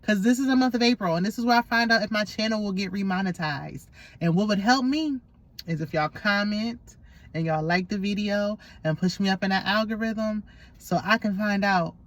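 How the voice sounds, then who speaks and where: A woman's voice: mid-range voice, normal speed. A woman hosting a casual, opinionated reality TV recap, sassy and gossipy with lots of slang.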